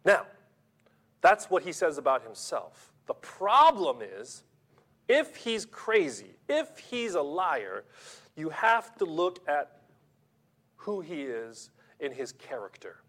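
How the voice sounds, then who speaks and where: A man preaching a sermon, emphatic and rhetorical, swinging between loud stresses and quiet asides. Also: fairly high pitch, huge pitch swings, slow.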